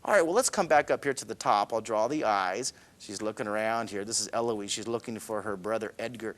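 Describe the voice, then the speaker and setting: A man's voice: fairly low pitch, brisk, hardly any pauses. A middle-aged man, a cartoonist, teaching a children's drawing lesson with enthusiasm, chuckling and telling stories as he sketches.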